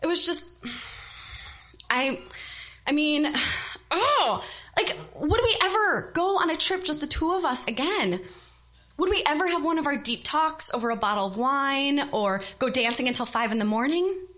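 A woman in her thirties telling a personal story, animated and self-deprecating. Her voice is high and swoops around with lots of movement. The tone is bright and forward. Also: normal speed.

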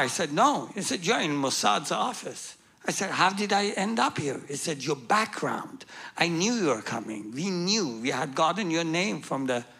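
A man tells his testimony with animated humor and acts out each exchange. His voice is bright and forward, set slightly higher than most men's. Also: creaky, slightly rough. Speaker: guest speaker. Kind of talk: testimony storytelling.

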